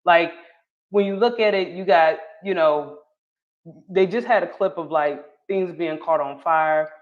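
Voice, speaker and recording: A woman with a North Carolina Southern accent talks through a casual live stream, chatty and quick to laugh at herself. She backs up and rephrases as she goes. The audio is a bit dull and lo-fi. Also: fairly low pitch. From Charlotte, North Carolina. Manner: chatty, laughing often, correcting herself mid-thought.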